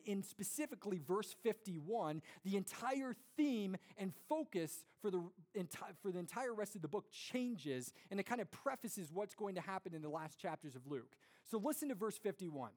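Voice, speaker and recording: A young man giving an earnest, conversational sermon to a congregation, with lively storytelling and rhetorical questions. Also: high voice, normal speed, few pauses. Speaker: pastor.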